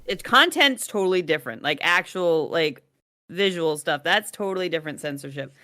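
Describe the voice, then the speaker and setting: Bright-voiced frank woman on a podcast. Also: fairly low pitch, expressive, normal speed. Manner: frank, laughs often. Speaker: podcast co-host, mother. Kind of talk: casual chat.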